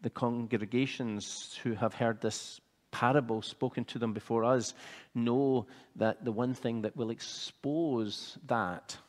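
A man preaching a sermon, measured and earnest, building to fervent emphasis. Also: lowish voice, big-room sound.

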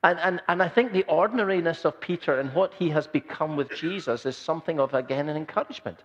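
Preacher in a reverberant hall. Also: male voice, a little high, quick pace. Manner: earnest, conversational preaching with repetitions. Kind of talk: sermon. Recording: dull sound with long hall reverb.

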